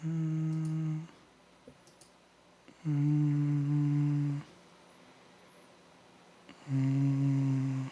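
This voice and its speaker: A man's voice: a little high, monotone, very slow, long pauses, mellow, lo-fi sound, a little hiss or hum. A man hosting a live music critique stream, chatting casually and joking with slang. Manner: laid-back, joking, laughs often, uses slang.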